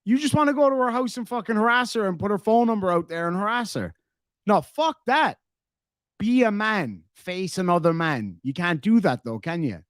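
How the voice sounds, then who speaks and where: An Irish man with a fairly high voice trades brash, profane taunts on a live stream. He is on a video call, and the sound is dry and close. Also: animated, moderate pace, a bit bright, no echo. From Ireland. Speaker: streamer and host. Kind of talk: heated live-stream argument.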